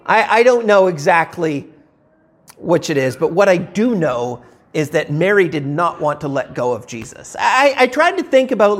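Male preacher, high-pitched, conversational and emphatic, frequent restarts. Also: a bit bright. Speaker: pastor. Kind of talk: sermon.

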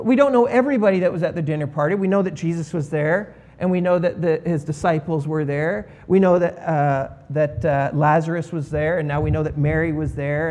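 Animated, sarcastic male preacher. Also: fairly high pitch. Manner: animated, emphatic storytelling with playful sarcasm. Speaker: pastor. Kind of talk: sermon.

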